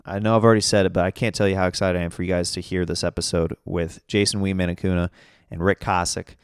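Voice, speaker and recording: A young man hosting his own podcast, chatting casually and excitably on his own and laughing often. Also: deep voice, fast talker, clean tone, no room sound, studio quality. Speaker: podcast host. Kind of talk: casual solo podcast chat.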